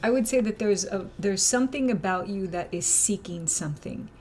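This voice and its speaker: A woman of medium pitch talks through a retreat announcement in easygoing chat. She rambles and leans on fillers like "um" and "you know" as she thinks aloud. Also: moderate pace, darkish tone, slight background noise. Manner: chatty, rambling with many fillers. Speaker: retreat host. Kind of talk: casual chat.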